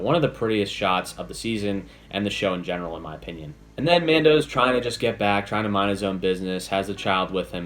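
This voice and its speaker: A man's voice: lowish voice, a bit bright. A man giving a casual, enthusiastic spoiler review, chatty and full of "basically" and "like". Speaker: video reviewer.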